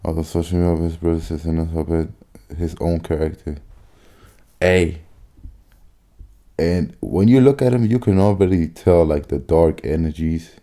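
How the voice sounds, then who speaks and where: A man from Africa with an extremely deep, very dark voice, reacting to a video in a loose, casual way. He leans on fillers and slang as he talks, in an offhand host's commentary. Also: moderate pace, long pauses. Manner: loose, frequent fillers and "bro".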